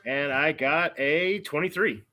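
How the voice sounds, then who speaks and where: A man taking part in a tabletop game, eagerly describing his character's moves and calling out his rolls. His voice is very bright, sitting a little high. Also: unhurried, faint music behind. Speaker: player.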